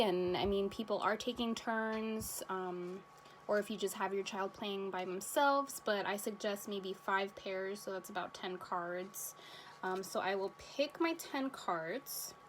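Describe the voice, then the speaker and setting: A woman teacher reading a rhyming picture book aloud to children, then explaining a card game in a clear, patient way. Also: mid-range voice, slight background noise, poor audio.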